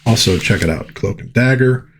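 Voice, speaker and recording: A man's voice: lowish voice, animated, normal speed, a little hiss or hum. A man hosting a casual comic book commentary in a chatty, enthusiastic manner.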